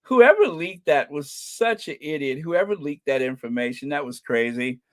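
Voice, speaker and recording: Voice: mid-range voice, expressive, normal speed. A channel host giving casual, scornful commentary, reading comments and news items aloud and often breaking into laughter.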